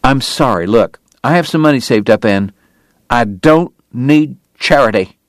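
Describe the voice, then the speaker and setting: A man's voice: medium pitch, animated, a little slow, no echo, studio quality, voice pushed up, lightly acted. A man voicing a bitter, ailing frontier dentist who speaks in a formal, biting and strained way. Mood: angry. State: sick, coughing.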